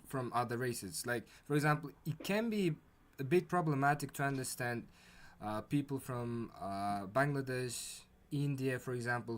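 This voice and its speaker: A man speaking hesitantly in a casual chat, searching for words with many fillers. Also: medium pitch. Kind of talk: casual chat on a video call.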